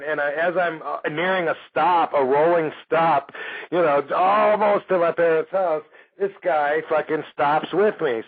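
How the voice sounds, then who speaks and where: A man's voice: on the high side, slightly rough. A man hosting a talk radio show, telling a story in a rambling, profane way and laughing as he goes. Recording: phone-like lo-fi radio audio.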